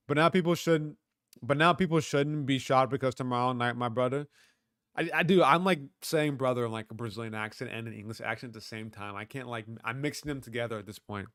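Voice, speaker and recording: A man's voice: medium pitch, a bit bright, smooth, no room sound, clean studio sound. A man hosting a livestream, reading chat and talking back to it in a rambling, profane, slangy way. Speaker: livestream host.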